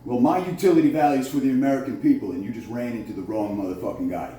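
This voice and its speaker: Speaking rapid-fire with a warm, medium-pitched voice, a man delivers an angry, swearing, accusatory speech to camera. The phone recording has heavy room echo, distant voice placement and a little noise.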